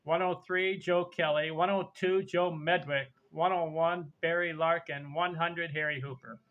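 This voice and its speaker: Man with a higher voice, counting down rankings. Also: steady tone, unhurried, phone-quality sound. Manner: emphatic, teasing the big reveal. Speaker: podcast host.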